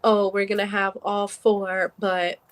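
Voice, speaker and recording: A woman's voice: medium pitch, level tone, slow, poor audio. A woman co-hosting a casual wrestling review podcast from her iPad, chatty and full of fillers. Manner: chatty, lots of fillers, laughs easily. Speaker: podcast co-host. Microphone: iPad on a video call.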